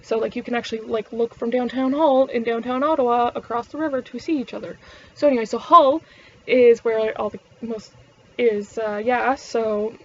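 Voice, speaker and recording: A woman's voice: on the high side, fairly even intonation, normal speed, a little mellow, highs cut off. A Canadian woman vlogging in casual chat, rambling and swearing, often correcting herself mid-sentence. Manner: rambling and profane, with frequent self-corrections.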